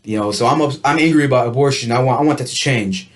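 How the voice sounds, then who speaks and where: A man's voice: mid-range voice, quick pace. A man talking casually to camera in a vlog, rambling through his thoughts on coping with stress, full of restarts and "you know.". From United States. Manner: reflective, laughs lightly now and then. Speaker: vlogger. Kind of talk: casual rambling self-help talk.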